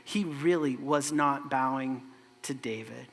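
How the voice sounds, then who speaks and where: Bright-voiced pastor in an echoing church. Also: male voice, mid-range voice, a little slow. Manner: conversational, animated storytelling with asides. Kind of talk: sermon. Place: church sanctuary. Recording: echoey church hall.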